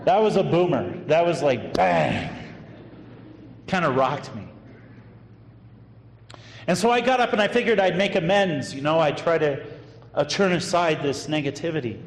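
A man's voice: on the high side, expressive, normal speed, pauses often. Male priest telling a story in an echoing hall. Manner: conversational, anecdotal, with fillers. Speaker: associate pastor. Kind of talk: sermon storytelling. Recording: echoey hall with long reverb and faint noise.

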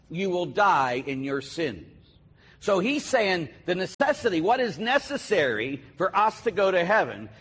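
A man preaching a sermon emphatically, swinging between loud declarations and quiet asides, with a husky voice. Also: a little high. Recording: long hall reverb.

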